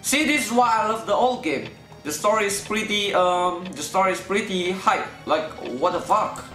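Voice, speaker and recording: A man hosting a let's play, excitable and swearing constantly, with loud panicked outbursts. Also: high-pitched, moderate pace. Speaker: gaming channel host. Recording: roomy room sound with faint game music. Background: faint game music.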